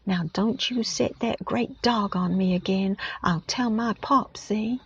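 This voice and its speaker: A woman voicing a brash, spoilt young boy bully, using a put-on American accent, loud and taunting, recorded muffled and lo-fi in a car. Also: mid-range voice, husky, voice pushed up. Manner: loud, taunting, slow and emphatic.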